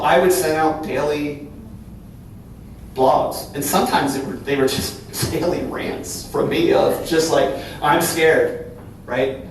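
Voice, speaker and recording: Speaking as a company leader at a business breakfast, this middle-aged CEO from Cincinnati, Ohio addresses a live crowd candidly, at medium pitch, in an earnest, chatty way that keeps adding "right?" The large event room sounds very echoey, captured from a distance with a faint hum. Occasional laughter rises from the audience.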